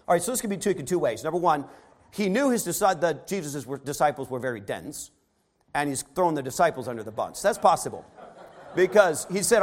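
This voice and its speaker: Delivering a sermon a little fast in a slightly high voice with big pitch swings, a man reads scripture and then recasts it in casual modern terms. He moves between quiet asides and loud, emphatic passages.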